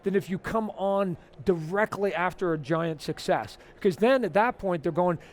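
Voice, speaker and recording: A man's voice: high-pitched, normal speed. A man guest at a convention interview, talking with energy and acting out the people in his stories. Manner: energetic, animated, acts out quoted exchanges. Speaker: interview guest, comic artist. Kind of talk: animated storytelling interview. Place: toy fair convention floor.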